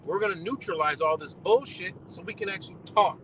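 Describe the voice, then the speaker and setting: A man's voice: sits high, brisk, fairly bright tone, slight background noise, poor audio. A man on a live stream giving blunt, profane commentary, lecturing his audience in a loose, heated rant.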